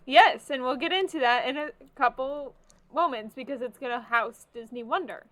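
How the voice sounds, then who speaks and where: Young woman, podcast co-host, casual chat, chatty, fairly high voice. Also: normal speed, no room sound. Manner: chatty, animated, many "like" fillers.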